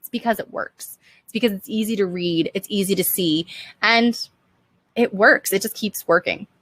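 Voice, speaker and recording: A woman's voice: medium pitch, normal speed, fairly bright tone, no echo. A young woman teaching design on a casual live stream, chatty and upbeat, answering viewer questions with lots of "um" and "like".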